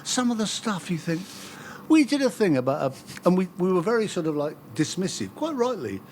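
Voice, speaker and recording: A man's voice: high-pitched, sing-song, fairly quick, a little mellow, slight background noise. An older man, telling anecdotes as a guest in a casual chat and laughing at his own stories. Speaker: guest storyteller.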